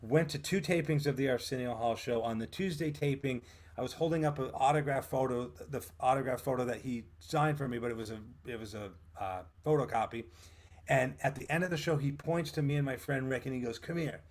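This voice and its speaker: A man's voice: mid-range voice, brisk. A man, a guest telling a story and acting out what people said. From Vermont, USA. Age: 50s. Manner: animated, acts out what others said. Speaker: guest actor and writer. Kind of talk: storytelling in a casual interview.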